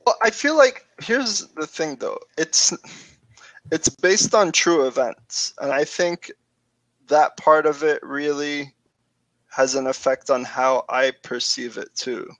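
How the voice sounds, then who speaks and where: A man's voice: on the high side, slow pace, fairly bright tone, dry recording, poor audio. A man on a casual book discussion podcast, thinking aloud in a hesitant, searching way. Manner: thoughtful, hesitant, trailing off.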